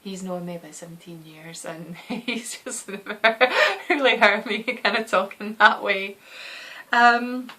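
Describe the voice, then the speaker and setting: This thirty-something knitting podcaster has a gentle West of Scotland lilt and a medium-pitched voice, delivered at a measured pace. She rambles chattily, laughing often and sometimes lowering to a whisper.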